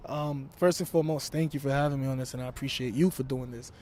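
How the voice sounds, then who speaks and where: A man's voice: mid-range voice, fairly even intonation, quick pace, a little mellow, slight background noise. A young man from Brooklyn, talking brashly and emphatically as a wrestler guest in an interview. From Brooklyn, New York. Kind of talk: interview talk.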